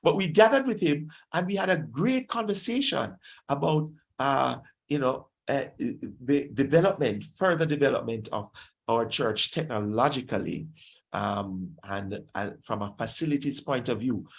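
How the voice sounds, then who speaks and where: A man's voice: medium pitch, expressive, moderate pace, creaky. A pastor with a Jamaican accent preaching a sermon, exhorting his listeners and slipping into Patois phrases.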